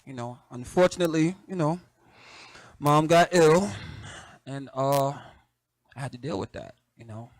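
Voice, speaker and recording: A middle-aged man with a light Southern accent hosts his show, talking in a relaxed, conversational way full of "you know" and soft laughs. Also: on the high side, a little slow, pauses often, no echo. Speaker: host. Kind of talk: casual reflective monologue.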